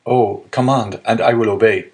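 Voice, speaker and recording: A man's voice: lowish voice, fairly even intonation, moderate pace, a little mellow, lightly acted. A man voicing an innocent young male prisoner who pleads earnestly. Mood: pleading.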